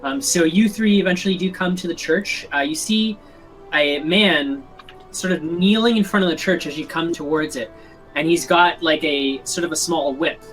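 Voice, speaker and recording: A woman's voice: low-pitched, normal speed, faint music behind, poor audio. A woman narrating as game master in a tabletop game over online voice chat, with loose, filler-heavy narration.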